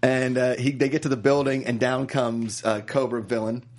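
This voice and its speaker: A man co-hosting a casual movie chat, animated and jumping into loud character voices. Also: mid-range voice, moderate pace. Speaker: podcast co-host.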